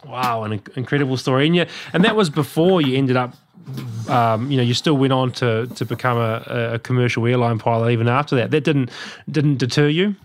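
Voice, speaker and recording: A man interviewing a guest, asking questions in a halting, attentive way. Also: medium pitch, a little hiss or hum.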